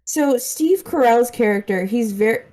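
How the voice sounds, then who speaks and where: Relaxed, rambling young woman. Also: on the high side, unhurried. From Canada. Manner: relaxed, rambling, laughs along. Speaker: podcast co-host. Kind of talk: casual chat.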